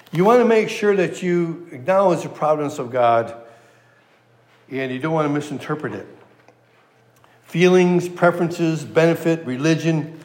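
A man's voice: on the high side, darkish tone, roomy sound. A man preaching a sermon in a folksy way, repeating phrases for emphasis and letting the ends of his phrases trail off. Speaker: pastor. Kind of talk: sermon with a joke.

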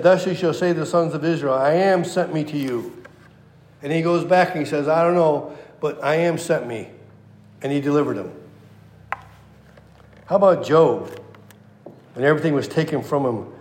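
A man preaching a sermon, quoting scripture with passion and dropping to a hush at key lines. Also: a little high. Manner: impassioned, swings from loud to hushed. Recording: echoey room.

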